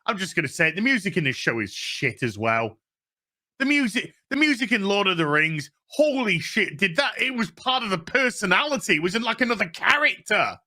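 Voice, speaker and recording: High-pitched, quick and forceful, with bright tone and big pitch swings, a Yorkshire man from England hosts a TV review. He tears through an episode recap in a sarcastic, sweary rant, imitating the characters in mocking voices.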